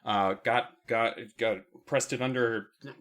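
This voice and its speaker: A man's voice: mid-range voice, steady tone, measured pace, fairly bright tone. A man co-hosting a podcast, chatting casually and telling rambling stories full of fillers. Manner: rambling storyteller with many fillers. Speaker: podcast co-host. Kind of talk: casual chat.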